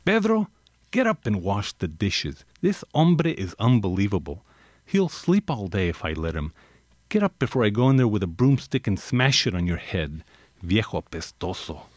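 A man's voice: on the low side, sing-song, normal speed, no echo, clean studio sound. A man reading aloud and voicing a stubborn, bossy old grandmother who scolds and pleads. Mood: scolding. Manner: blunt, scolding, mournful.

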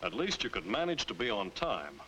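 A stern dad, bright lively voice, faint hiss of old film. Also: male voice, on the low side, moderate pace, poor audio. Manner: stern, reproachful. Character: stern middle-aged father. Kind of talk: 1950s educational film acting. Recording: hissy old film soundtrack.

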